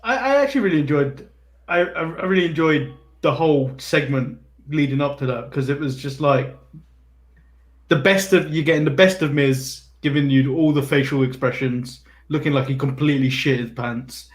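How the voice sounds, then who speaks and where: A man with a fairly high voice chatting casually on a wrestling podcast. He stumbles over his openings, repeating words before he gets going, and chuckles along with the others. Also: normal speed. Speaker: podcast co-host. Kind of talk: casual chat.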